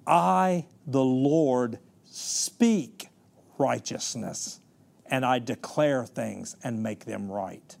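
A man preaching a sermon, telling a Bible story with slow, emphatic scripture reading and sudden hushed, quick asides. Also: medium pitch, creaky.

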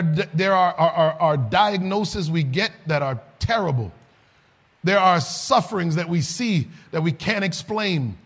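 A man preaching a sermon, reading scripture and building from quiet explanation into shouted, sing-song climaxes. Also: sits high.

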